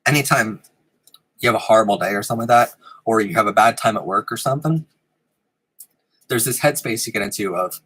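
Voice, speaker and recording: A man's voice: lowish voice, brisk, pauses often, fairly bright tone, slightly rough, low-quality recording. A man hosting a live stream in casual chat, giggling often and rambling with frequent ums, in a room with a fan running. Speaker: host of a live-streamed show.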